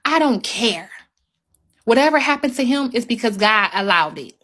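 A woman's voice: a little high, expressive, normal speed, a bit bright. A woman ranting heatedly on a phone livestream to her viewers, emphatic and repeating her points.

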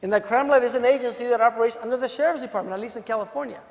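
Animated man lecturing in a reverberant hall. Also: very high voice, racing. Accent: non-native English. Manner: animated, profane, jokes with the audience. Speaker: defense attorney presenting at a legal seminar. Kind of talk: conference talk to an audience. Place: hotel conference hall.

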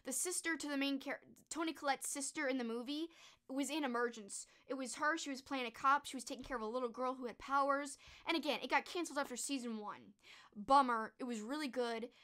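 A woman's voice: sits high, brisk. A woman hosting a stream, chatting casually and animatedly about shows she watched. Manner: chatty, animated, mild exclamations. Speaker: streamer host. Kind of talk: casual chat.

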